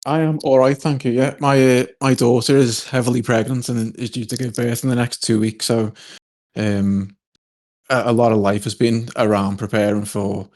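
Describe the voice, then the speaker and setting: A middle-aged man with a Scouse accent, chatting in a relaxed way as a podcast guest. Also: mid-range voice, normal speed. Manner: relaxed, laid-back. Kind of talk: casual chat.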